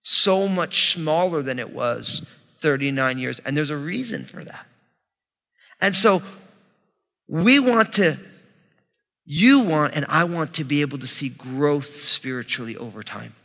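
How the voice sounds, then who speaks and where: A man's voice: fairly high pitch, lively intonation, measured pace, creaky, long pauses, bright, forceful tone, long reverb tail. A man preaching a sermon as pastor, teaching in a conversational way with asides to the congregation.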